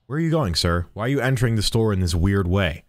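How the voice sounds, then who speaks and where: A man's voice: on the low side, animated, fast talker, no echo, clean studio sound. A man streaming a game live, talking to the characters as a shopkeeper in a jokey, swearing way. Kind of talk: live gameplay commentary.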